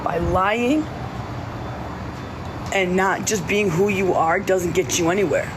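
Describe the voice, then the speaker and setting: A woman's voice: on the low side, slow pace. Emotional confessional woman, noisy background. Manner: repetitive, pleading, emphatic. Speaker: vlogger telling her life story. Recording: noisy background with passing vehicles.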